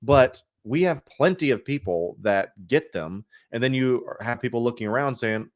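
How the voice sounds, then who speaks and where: A man's voice: medium pitch, lively intonation, unhurried. A man, a guest on a collecting podcast, rants in casual chat and mimics other people in a whiny voice.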